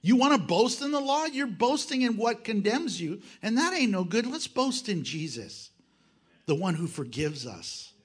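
A pastor delivers a sermon with real animation, his fairly high voice leaping up and dropping low. He acts out quoted speakers as he preaches, moving from loud bursts to quiet asides. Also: sing-song, moderate pace, husky.

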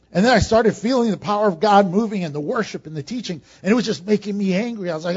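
A man preaching a sermon, swinging from emphatic, rising peaks to quiet, joking asides. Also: high voice, expressive, fast talker, few pauses, breathy edge. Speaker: pastor. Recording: dull lo-fi sound.

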